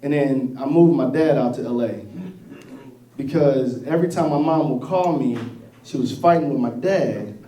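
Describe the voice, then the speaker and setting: A man doing a stand-up comedy set, telling stories in a profane, animated way. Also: mid-range voice, normal speed. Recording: echoey room, distant mic.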